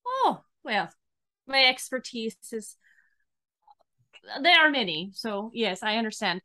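A woman's voice: fairly high pitch, very animated, slow pace, sharp tone. A woman playing a ship captain in a tabletop game, playful and flirty. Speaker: player.

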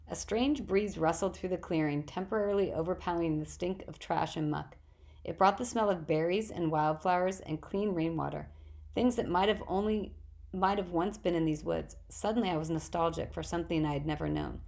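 Low gravelly woman reading a story. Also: brisk. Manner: plain, steady reading with small slips. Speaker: audiobook reader. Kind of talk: first-person storybook narration.

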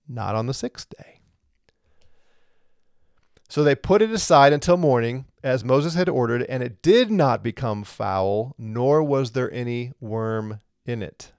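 A man's voice: medium pitch, animated, a little slow, a little mellow, smooth, no room sound, clean studio sound. Man teaching scripture with rhetorical questions. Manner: explains step by step, asks rhetorical questions. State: has a lingering cough. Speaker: Bible teacher. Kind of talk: verse-by-verse Bible teaching.

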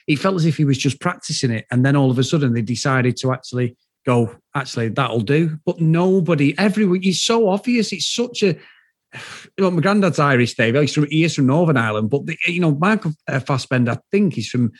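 A man co-hosting a casual movie review chat, giving enthusiastic, animated opinions. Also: fairly high pitch, brisk, slightly rough, no room sound, clean studio sound. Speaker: podcast co-host.

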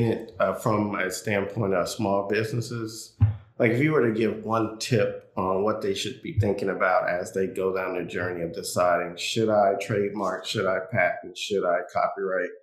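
A man hosting a small business podcast, reading a scripted intro and then chatting in a relaxed, joking way. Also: lowish voice, normal speed, reverberant. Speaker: podcast host. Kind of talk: podcast interview.

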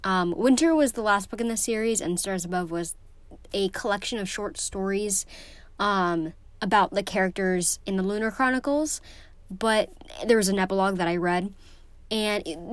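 A teenage girl who vlogs about books talks casually to camera at a moderate pace, her voice medium in pitch. She gushes emotionally, fills her speech with ums and likes, and is recorded dry and close with no room echo.

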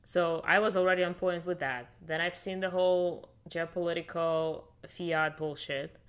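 With a clean, steady tone, fairly low pitch and normal speed, this woman tells her story as a podcast guest. She's a fluent non-native speaker who learned English as an adult, lives in Miami, United States, and keeps her storytelling chatty with many "like"s.

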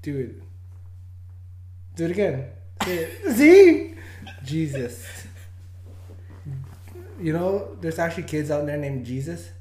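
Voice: medium pitch, very animated, takes it slowly, pauses often, a little mellow. A podcast co-host in casual chat, teasing their friend, laughing often and swearing freely. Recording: echoey room.

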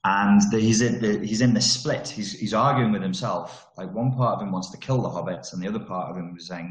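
Low-voiced guy rambling candidly on a video call, kinda echoey room. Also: moderate pace. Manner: candid and digressive, with frequent restarts. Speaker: speaker on trauma recovery. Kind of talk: casual talk over a video call.

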